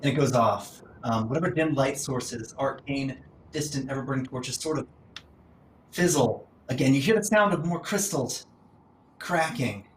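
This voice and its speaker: A man's voice: mid-range voice, moderate pace, echoey room, a little hiss or hum, rough recording. A man running a tabletop game as game master, describing scenes with sound effects and hesitations.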